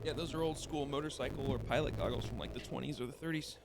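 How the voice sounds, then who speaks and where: A man's voice: mid-range voice, quick pace, very noisy. A young man running a tabletop game as game master, chatty and easygoing with many fillers, over a voice call.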